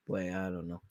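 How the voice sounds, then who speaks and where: A man reacting live to a football match from home, bantering in slang and shouting when chances come. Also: deep voice, no echo, studio quality. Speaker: football watchalong streamer.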